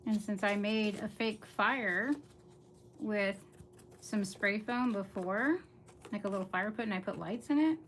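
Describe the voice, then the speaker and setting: A woman's voice: mid-range voice, unhurried, a bit bright, slight background noise. A middle-aged woman chatting casually to viewers on a livestream while she crafts, rambling from one thought to the next.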